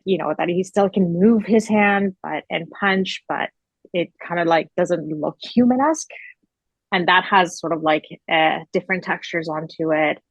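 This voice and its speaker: A woman's voice: fairly low pitch, no echo, dull audio. A woman working as a costume designer, chatting casually in an interview, full of filler words and easy laughs.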